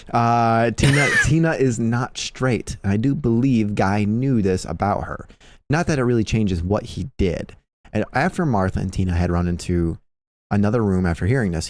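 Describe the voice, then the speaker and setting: Casual low-voiced male streamer, dry mic. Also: dry recording. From Filipino heritage. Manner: animated storyteller, swears a lot, acts out quotes loudly. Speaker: streamer host reading forum posts. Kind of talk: casual live-stream chat. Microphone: close streaming mic.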